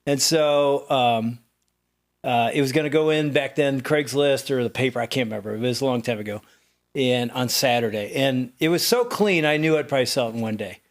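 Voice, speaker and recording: Middle-aged male co-host, animated storyteller with an average-pitched voice. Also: fairly quick. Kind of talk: casual chat.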